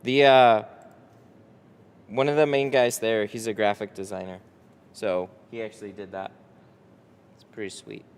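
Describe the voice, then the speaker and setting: A low-voiced man rambles through a casual live stream, reading out viewer comments. His voice is smooth and clear. He sounds tired and swears casually between thoughts. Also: fairly even intonation, unhurried, pauses often. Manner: rambling, reads chat aloud, swears casually. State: tired, no coffee. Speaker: window tint shop owner streaming live.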